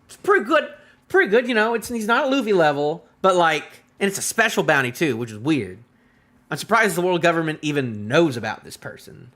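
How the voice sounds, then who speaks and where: Chatty guy reacting to a manga on stream, lively pitch, bright tone, rambly. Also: brisk. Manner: animated, rambling, talks to chat. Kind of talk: casual live-stream reaction.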